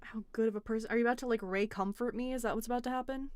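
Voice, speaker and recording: A woman hosting a casual call-in debate, relaxed and wry, with a dry sense of humor. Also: on the high side, very fast, no echo. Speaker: host.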